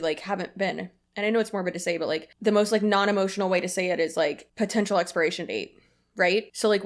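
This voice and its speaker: A young woman talks through a casual commentary video in an average pitch. Her speech is loose and chatty, packed with fillers. She sounds openly emotional. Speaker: commentary YouTuber.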